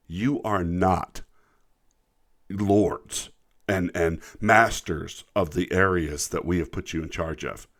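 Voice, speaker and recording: Brief: man from the US, very low voice, indignant trucker rant, repeats himself for emphasis. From United States. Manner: indignant, emphatic, repeats words when worked up. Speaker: truck driver vlogger. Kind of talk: ranting commentary.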